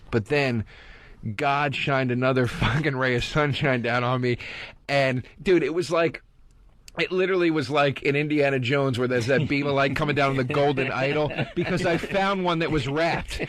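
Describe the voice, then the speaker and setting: A man's voice: mid-range voice, brisk. A man co-hosting a comedy podcast, telling a long story with lots of acted-out dialogue and swearing. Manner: animated storyteller, acts out phone calls. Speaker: podcast co-host. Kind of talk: casual comedy podcast chat.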